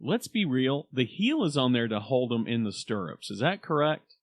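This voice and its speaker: A man's voice: medium pitch, sing-song, moderate pace. Boisterous joking man. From Oklahoma. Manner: boisterous, joking, slips into comic voices. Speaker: podcast co-host. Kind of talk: casual chat.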